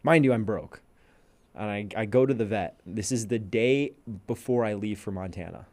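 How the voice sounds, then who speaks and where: Young male podcast guest, low voice, lively storyteller, casual. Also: normal speed. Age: young adult. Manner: animated storyteller, acts out quotes.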